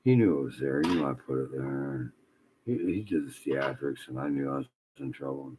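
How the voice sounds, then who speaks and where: A man of about sixty telling rambling, profane stories in a casual way, laughing often and filling pauses with "you know". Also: a bass voice, expressive, noisy background.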